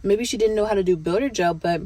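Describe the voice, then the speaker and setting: A woman's voice: mid-range voice, quick pace, warm tone, no room sound, low-quality recording. A young woman vlogger telling a casual, chatty story full of fillers and quoted back-and-forth.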